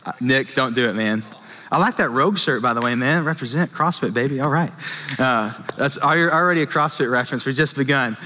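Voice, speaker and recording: A man's voice: mid-range voice, a little fast, pushed and bright. A man, preaching a casual sermon to a young adult group and joking about himself with the crowd. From Texas. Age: 20s. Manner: joking, self-deprecating, talks to the crowd. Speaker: young adult ministry pastor. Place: church meeting hall. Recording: reverberant hall.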